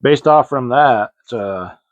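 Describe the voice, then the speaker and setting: A man's voice: mid-range voice, slow, no room sound. A man hosting a casual model-kit show-and-tell vlog, rambling and hesitant, with many fillers and restarts. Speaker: hobby model-kit channel host. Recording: dry, slightly dull lo-fi sound.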